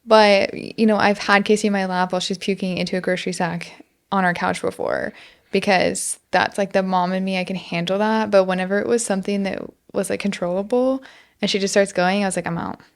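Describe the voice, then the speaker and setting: Female podcast co-host, 30s, gravelly fry, playful and laughing. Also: medium pitch, fairly even intonation, brisk. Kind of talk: casual chat.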